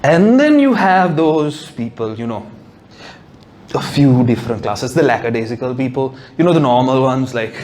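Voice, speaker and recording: Animated Sri male comedian. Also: mid-range voice, normal speed, a little hiss or hum. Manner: animated, sardonic, swears freely. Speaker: stand-up comedian. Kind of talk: stand-up comedy set. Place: comedy stage before a live audience.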